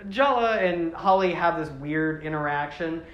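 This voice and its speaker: A podcast host retelling a toy story line in a casual, animated, rambling way. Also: mid-range voice, moderate pace, reverberant, highs cut off. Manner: animated, rambling with fillers and swearing.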